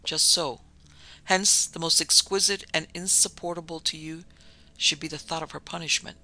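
A man voicing a sinister, disfigured nobleman in an audiobook, speaking with measured, coldly polite menace. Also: on the high side, steady tone, bright, forceful tone. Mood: menacing. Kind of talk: audiobook narration.

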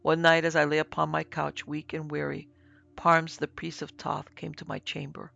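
A man narrating a classic story as an audiobook in a solemn, measured way, in a dry, dull lo-fi recording. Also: fairly high pitch, monotone, creaky, bright, forceful tone. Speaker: narrator and producer.

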